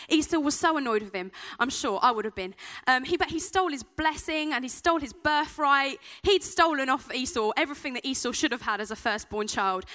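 A woman gives a sermon, mixing scripture with chatty, self-deprecating anecdotes. Her voice is high and bright, and her pitch swings in a lively way. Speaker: preacher. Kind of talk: sermon with personal stories.

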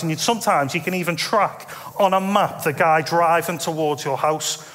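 A man, preaching a sermon in a conversational, self-deprecating way with animated asides. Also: fairly high pitch. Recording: long reverb in a large hall.

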